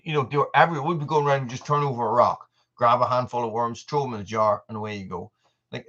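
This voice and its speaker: An Irish man with a middle-range voice hosts a relaxed livestream. He wanders between thoughts and stops to greet viewers by name. The audio is a little dull and lo-fi. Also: mid-range voice. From Ireland. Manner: rambling, answers viewer comments by name. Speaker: channel host. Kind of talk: casual livestream chat.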